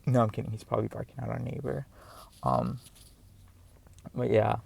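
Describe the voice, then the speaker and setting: A man's voice: mid-range voice, big pitch swings, normal speed, gravelly, a little mellow, slightly rough. A man with a noticeable accent giving an earnest, rambling talk to camera, encouraging viewers with many fillers and repeated words. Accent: noticeable non-standard accent. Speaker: vlogger. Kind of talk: casual motivational talk to camera.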